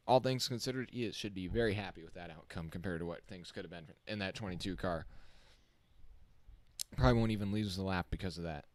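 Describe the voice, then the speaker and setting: An excitable man calls a race live on his stream, reacting on the fly and chatting with his viewers. His voice sits fairly low. The sound is dry and close. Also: no room sound.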